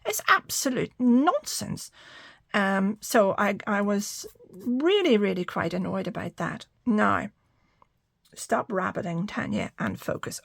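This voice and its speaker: A woman's voice: medium pitch, expressive, unhurried, gravelly. An older woman chatting through a card-making tutorial, talking to her viewers and murmuring little asides as she works. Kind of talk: casual craft tutorial.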